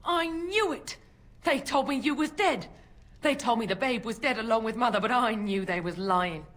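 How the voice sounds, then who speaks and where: A woman's voice: fairly high pitch, lively intonation, normal speed, fairly bright tone. A bitter working-class washerwoman. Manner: blunt, resentful, coarse working-class speech. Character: bitter poor washerwoman, grown sister.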